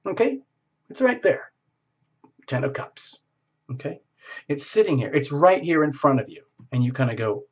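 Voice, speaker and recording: A man's voice: a little high, sing-song, normal speed, long pauses, a little mellow, slightly rough. A man giving a casual tarot reading in a playful, theatrical way, acting out little scenes as he goes. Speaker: tarot reader.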